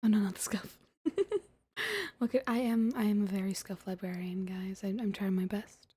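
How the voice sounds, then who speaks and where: A young woman streaming, reading a book aloud in a soft, hesitant, whispered ASMR style. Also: medium pitch, moderate pace, husky.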